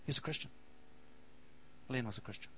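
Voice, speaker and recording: A man's voice: mid-range voice, normal speed, a little hiss or hum, rough recording. A man preaching a sermon, telling a story in a rambling, anecdotal way with many fillers. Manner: rambling anecdotal delivery with fillers, softening to a hush at the close. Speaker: pastor.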